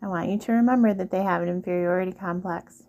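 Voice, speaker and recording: A woman with a lowish, fast, slightly mellow voice and some vocal fry gives relationship advice as a vlogger. She addresses the listener earnestly and directly in a casual monologue, repeating her points.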